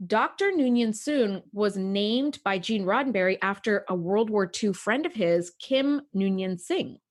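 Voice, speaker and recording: A woman's voice: mid-range voice, measured pace. A woman co-hosting a podcast, chatting casually about a TV episode and acting out quoted lines. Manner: animated, acts out quoted voices. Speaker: podcast co-host.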